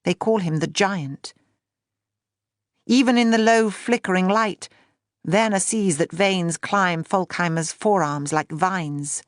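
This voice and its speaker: Brief: woman audiobook narrator, lowish voice, measured pace, dry close mic. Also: no echo.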